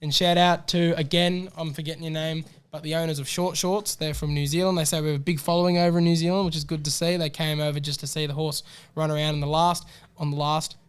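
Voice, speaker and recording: A chatty man with a slightly higher voice that comes across smooth and clear. He talks racing tips excitedly, like a podcast co-host among mates. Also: fast, few pauses. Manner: chatty, excitable, gives shout-outs. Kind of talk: casual racing tips chat.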